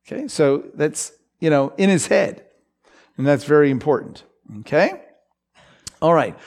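Animated, unhurried male Bible teacher. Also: a little high. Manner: unhurried, lots of fillers and asides, voices scripture quotes.

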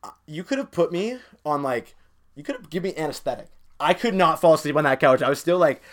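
A young man in casual podcast chat, telling a story in an animated, chatty way with lots of filler words. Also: a little high, fast talker. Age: young adult.

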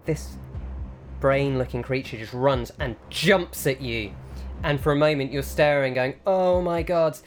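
A man running a tabletop game as game master, narrating scenes in a descriptive, unhurried way with frequent fillers. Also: mid-range voice, faint music behind.

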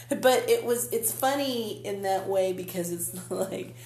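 A woman co-hosts a casual podcast chat. She rants with plenty of cursing and breaks into laughter often. Her voice sits in a middle pitch and rings in an echoey room. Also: a little slow. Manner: animated ranting, curses freely, laughs often. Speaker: podcast co-host.

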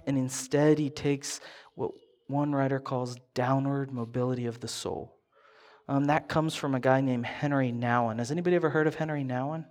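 A young adult man preaching a sermon in a relaxed, conversational way, now and then acting out the voices he quotes. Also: mid-range voice. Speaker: pastor.

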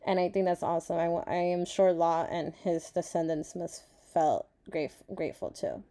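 Mellow-voiced woman sharing a devotional. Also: fairly low pitch, little pitch movement, moderate pace. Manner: reflective, earnest, with frequent fillers; openly emotional and grateful. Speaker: Bible study vlogger. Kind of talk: casual Bible devotional reading.

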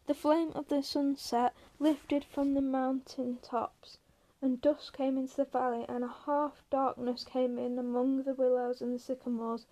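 A woman's voice: high voice, level tone, measured pace, dark tone. A woman reading a novel aloud in an unpolished way, with occasional stumbles and restarts. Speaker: reader.

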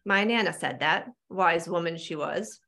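A woman's voice: on the low side, measured pace, pushed and bright. A woman reading aloud and voicing a chatty, motherly older woman who dotes on a stranger in a crooning way. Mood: doting. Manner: crooning, doting, calls everyone love.

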